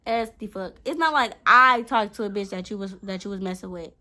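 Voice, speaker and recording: A young woman vlogger telling a story in a casual, animated way, swearing freely and acting out what she said. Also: mid-range voice, brisk, heavy background noise.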